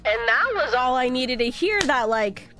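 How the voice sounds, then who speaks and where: A woman's voice: high voice, very animated, normal speed, pushed and bright, soft background music. A woman streamer telling a story casually, with dramatic, frantic delivery and plenty of swearing.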